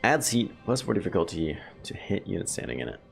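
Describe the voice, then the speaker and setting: A man's voice: low voice, big pitch swings, a little fast, gravelly. A man casually commentating a game he plays, chatty and thinking aloud to his viewers. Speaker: gameplay video host. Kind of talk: casual let's play commentary. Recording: game music playing behind.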